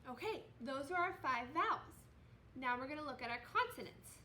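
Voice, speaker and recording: A woman teaching second grade, speaking slowly and clearly with encouraging praise as she leads young children through a reading lesson. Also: high voice, animated, pushed and bright, a little hiss or hum. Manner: slow, clearly enunciated, encouraging teacher talk. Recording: roomy, echoey room.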